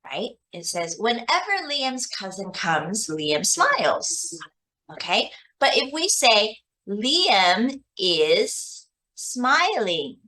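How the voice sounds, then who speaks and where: This is a woman tutoring a young pupil in English, and she takes her time over every word. Her questions come at a very unhurried pace, patient and deliberate, in an ordinary mid-range voice. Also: mid-range voice, sing-song, bright, forceful tone. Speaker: English teacher. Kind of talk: one-on-one tutoring of a child.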